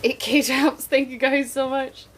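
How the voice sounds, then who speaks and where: A woman's voice: high-pitched, flat delivery, a little slow, a little hiss or hum. A woman streaming live, a mother chatting candidly with her viewers in a jokey, casual way and swearing now and then. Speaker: livestreamer.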